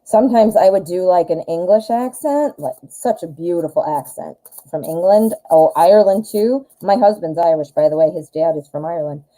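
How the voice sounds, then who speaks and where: Chatty Midwestern American woman, mellow voice. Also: on the low side, normal speed, low-quality recording. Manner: chatty, rambling, self-deprecating. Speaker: tarot reader. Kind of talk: live-stream tarot reading.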